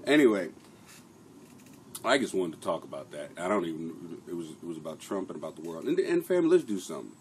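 Brisk and lively in his intonation, a low-pitched middle-aged man hosts his comedy podcast from a home basement. The talk is casual live-stream chat, profane, rambling and self-mocking, over a little hiss or hum.

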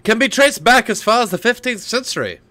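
A man's voice: very high voice, animated, brisk, pushed and bright, pitched above the performer's own voice, exaggerated voice. A man doing an exaggerated old English peddler voice while reading a game document aloud. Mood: pompous reading. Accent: put-on old English.

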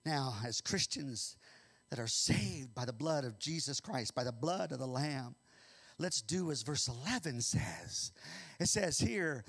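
A male pastor from the American Midwest preaching a sermon, swinging from hushed storytelling to shouting. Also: mid-range voice, animated, unhurried.

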